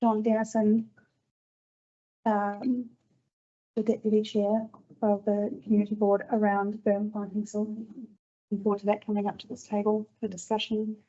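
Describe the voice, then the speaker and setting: Upbeat New woman, even mellow voice. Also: medium pitch, normal speed, long pauses. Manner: upbeat, loose and conversational. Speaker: community board member. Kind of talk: council meeting report. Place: council meeting room. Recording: dull lo-fi meeting recording.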